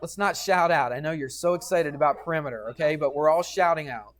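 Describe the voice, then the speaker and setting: A male teacher with a somewhat high voice races through a geometry lesson in a classroom, with crowd noise around him. Talkative and patient, he keeps asking "okay?" after his points to see if the class is with him.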